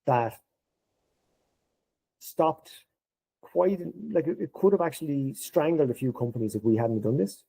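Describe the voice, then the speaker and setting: A man's voice: mid-range voice, low-quality recording. A middle-aged Irish man, a podcast guest, telling an anecdote and acting out the lines of the people in it. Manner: animated storyteller acting out quoted dialogue. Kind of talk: anecdotal interview storytelling.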